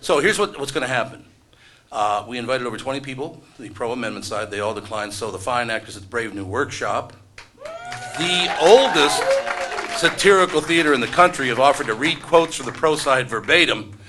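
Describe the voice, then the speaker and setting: A middle-aged radio host emcees a live event in a room full of people, tossing wry, sarcastic asides and self-deprecating jokes to the crowd. His medium-pitched voice is animated, moving at a normal speed.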